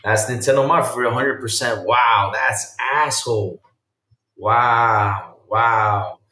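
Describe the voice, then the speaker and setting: A man hosting a casual live-streamed podcast, reacting with loud exclamations and reading viewer chat aloud. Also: medium pitch, takes it slowly, reverberant, distant mic.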